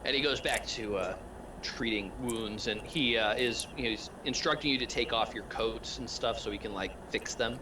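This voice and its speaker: A man's voice: medium pitch, moderate pace, far from the mic, noisy background. A man narrating as game master in a rambling, loose way, full of fillers.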